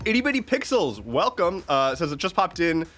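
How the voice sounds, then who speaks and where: A young man with a deep voice, getting over an illness, chatting casually as a livestream host and reading out viewer comments, rambling with many restarts and fillers. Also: very animated, normal speed, a bit bright, soft background music. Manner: rambling, self-interrupting, lots of "like" and restarts.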